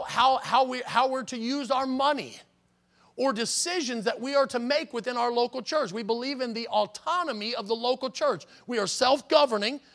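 Male pastor, sermon delivery, bright and tense tone, emphatic on key words. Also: very high voice, creaky. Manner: emphatic preaching, repeats and stresses words.

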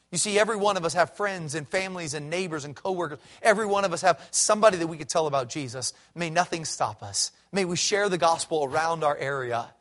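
A middle-aged man preaching a sermon as a pastor, swinging from loud emphatic peaks to low quiet passages. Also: fast, hardly any pauses.

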